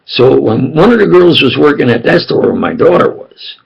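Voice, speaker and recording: A man's voice: a little high, sing-song, normal speed, vocal fry, husky, muffled recording. An older man telling rambling, jokey personal stories and often asking if you understand. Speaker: self-styled preacher.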